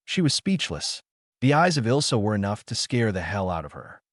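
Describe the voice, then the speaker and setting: A man's voice: lowish voice, big pitch swings, normal speed, no echo, studio quality. A man narrating a manga story recap in a casual storytelling manner.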